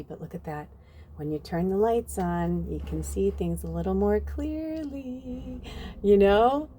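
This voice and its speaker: A woman's voice: on the low side, mellow, a little hiss or hum. Chatty woman giving a spiritual reading. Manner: chatty, rambling, many fillers. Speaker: tarot reader. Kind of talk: channeled spiritual reading, casual talk. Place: outdoors at night.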